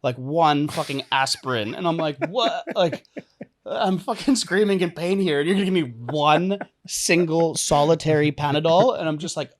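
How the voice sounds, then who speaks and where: A young man tells a personal story on a podcast with lots of energy. He laughs often and jumps into the voices of the people he is describing, so his delivery swings and stays lively. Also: on the high side, moderate pace. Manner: animated, laughs often, acts out quoted lines. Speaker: podcast guest, entrepreneur and coach. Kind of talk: casual storytelling interview.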